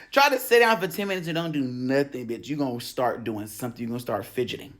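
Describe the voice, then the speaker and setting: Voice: mid-range voice, animated, quick pace, fairly bright tone. Brief: loose, profane spiritual coach with street slang, laughs a lot and acts out scenes. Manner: tells stories acting out quoted voices. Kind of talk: casual spiritual coaching talk.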